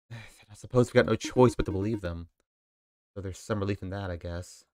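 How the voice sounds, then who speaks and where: A man voicing a weary young man in a game, speaking low and quietly with resignation. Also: moderate pace, close to an everyday voice. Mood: resigned.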